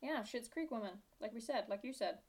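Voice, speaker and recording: A woman's voice: a little high, animated, brisk. A young woman from Britain with a British accent that drifts toward Australian, co-hosting a podcast in casual, sarcastic, giggly chat. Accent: British English, drifting toward Australian. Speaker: podcast co-host.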